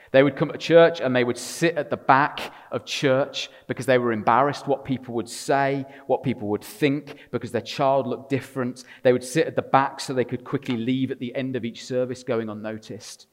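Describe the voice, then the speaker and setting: A man preaching a sermon to a congregation, swinging between loud emphatic passages and quiet, intimate storytelling with a touch of wry humor. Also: medium pitch, moderate pace. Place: church. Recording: long reverb of a large room.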